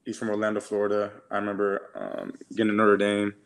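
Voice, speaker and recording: A man's voice: lowish voice, big pitch swings, fast talker, vocal fry. A young man in his twenties, co-hosting a podcast and telling stories in slangy, profane casual chat full of "like"s. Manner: slangy, profane storytelling with many "like"s. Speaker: podcast co-host.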